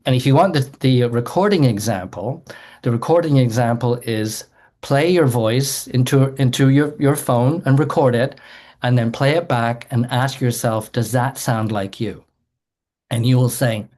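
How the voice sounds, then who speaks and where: A man's voice: medium pitch, darkish tone. Earnest man explaining to a group. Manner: earnest, explanatory, repeats words when restarting. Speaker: doctor giving a talk. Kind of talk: talk to an online group.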